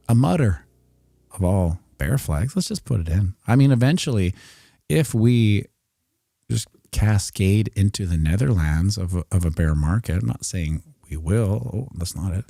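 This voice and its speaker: Middle-aged male streamer, low and mellow, dry close sound, loose jokey chart-talk with mumbled asides. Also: lively intonation, a little slow, vocal fry, no echo. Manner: rambling, jokey, muttering asides while drawing on a chart. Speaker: crypto streamer. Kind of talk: casual live chart commentary.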